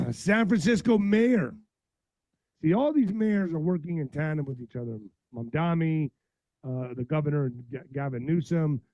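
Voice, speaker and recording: A man hosting a political podcast livestream, blunt and profane, reading news aloud and ranting, his voice going hoarse. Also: sits high, mellow, no echo, lo-fi sound. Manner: blunt, heated, reads news aloud then rants. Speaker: podcast host.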